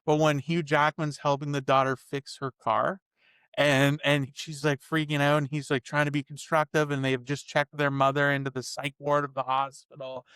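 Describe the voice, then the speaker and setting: A man's voice: a little high, level tone, moderate pace, fairly bright tone, clear, resonant tone, dry recording, studio quality. A man co-hosting a movie review podcast, talking casually and animatedly, swearing and acting out scenes. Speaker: podcast co-host.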